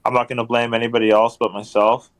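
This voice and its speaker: A man's voice: mid-range voice, level tone, fast talker. A man guest on a podcast, telling casual stories in a rambling way, full of ums and repeated phrases. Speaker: podcast guest, hockey enforcer. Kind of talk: casual storytelling chat.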